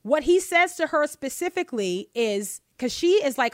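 A high-pitched woman hosts a talk show, delivering pointed opinion commentary. She drives her points home with rhetorical tag questions. Her voice sounds dry and close to the mic. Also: lively intonation, brisk, hardly any pauses, no echo. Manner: emphatic, with many rhetorical "right?" tag questions.

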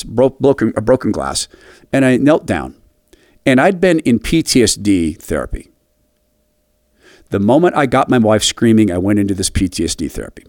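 A middle-aged man hosting a radio commentary, telling a personal story in an earnest, halting way with frequent restarts. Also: darkish tone, no room sound, studio quality. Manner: earnest, halting, with restarts and a wide pitch swing.

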